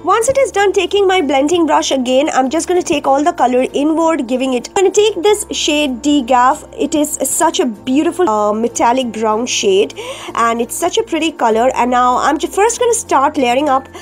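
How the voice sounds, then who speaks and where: Woman, high voice, groggy from a cold, makeup tutorial voice-over, step-by-step, faint music behind. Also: lively intonation, normal speed. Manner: step-by-step explaining with frequent fillers. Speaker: beauty vlogger.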